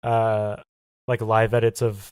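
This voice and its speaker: Man, podcast guest, soft and hesitant, lots of fillers, dry close sound. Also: fairly low pitch, flat delivery, takes it slowly, clean tone, no echo. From lives in Los Angeles. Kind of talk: casual interview chat.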